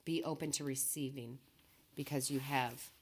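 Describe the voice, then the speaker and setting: A woman giving a tarot reading, who talks softly and reassuringly and keeps checking in with "okay". She is emotional and close to tears, and her voice stays low and quiet. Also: steady tone, normal speed. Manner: soft-spoken, emotional, reassuring, says okay often. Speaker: tarot reader.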